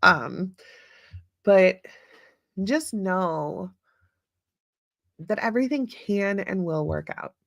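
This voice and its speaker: Chatty upbeat woman with a gravelly edge. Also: medium pitch, expressive, extremely slow, pauses often, dry recording, clean studio sound. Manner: chatty, upbeat, laughs often, many fillers. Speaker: podcast host. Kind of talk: casual solo talk with listener comments.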